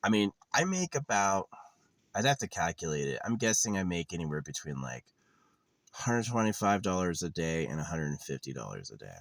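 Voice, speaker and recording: A man's voice: very deep voice, big pitch swings, a little fast, vocal fry, no room sound. A man in his thirties vlogging in a meandering, sardonic monologue, swearing casually as he goes. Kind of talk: rambling monologue. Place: lives in a van.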